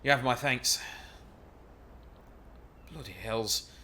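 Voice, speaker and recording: A man voicing a rough male adventurer who speaks in gruff, exasperated outbursts. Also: medium pitch, takes it slowly, sharp tone, a little hiss or hum. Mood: grumbling.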